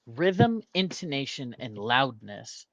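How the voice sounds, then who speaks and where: In a dry recording, a gaming channel host talks slowly at a medium pitch, his voice swinging widely up and down. He thinks aloud and mutters guesses while working through a word puzzle in casual commentary.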